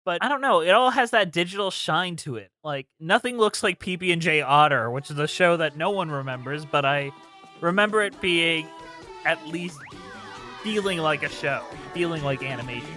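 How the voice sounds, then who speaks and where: A man's voice: a little high, moderate pace, pushed and bright, faint music behind. A man co-hosting a casual podcast, rambling along as he reads out trivia facts. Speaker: podcast co-host.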